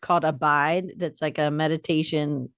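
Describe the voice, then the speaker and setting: A woman from Atlanta, a guest on a podcast, telling lively stories and acting out what people said. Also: sits low, moderate pace, clear, resonant tone, no room sound, clean studio sound. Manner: lively storyteller who acts out quoted dialogue. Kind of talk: casual conversation.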